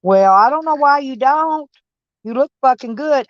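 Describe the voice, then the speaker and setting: Woman, van life vlogger, folksy and salty, slightly high voice, muffled lo-fi recording. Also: expressive, unhurried, no room sound. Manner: folksy, blunt, swears freely. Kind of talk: casual chat to viewers. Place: van or camper, indoors.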